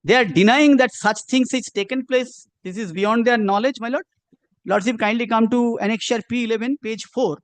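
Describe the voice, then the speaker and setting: A man's voice: extremely high pitch, normal speed, no room sound. A man arguing a case before a judge, insistent and formal, repeating "my lord" again and again as he points to pages. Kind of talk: courtroom legal argument. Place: courtroom.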